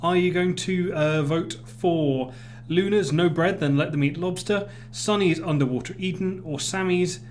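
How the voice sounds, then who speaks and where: A man's voice: high-pitched, measured pace, hardly any pauses, a little hiss or hum. A man hosting a casual live game show, joking while he runs the rounds. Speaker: game host.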